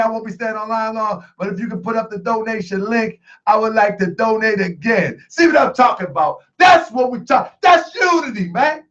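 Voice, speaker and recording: High-voiced emphatic man hosting a livestream. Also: highs cut off. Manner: emphatic, repetitive, often shouting; joking, laughs often. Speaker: livestream show host. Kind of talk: call-in livestream talk.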